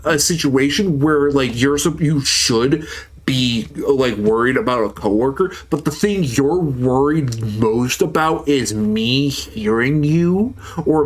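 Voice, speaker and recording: A man streaming, telling a story in a casual, heated, profane way. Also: fairly high pitch.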